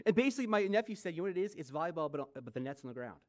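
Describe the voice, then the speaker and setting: A man's voice: on the high side, expressive, very fast, darkish tone. Joking, conversational preacher in his forties. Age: 40s. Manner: conversational, joking asides and rhetorical questions. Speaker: pastor. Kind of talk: sermon.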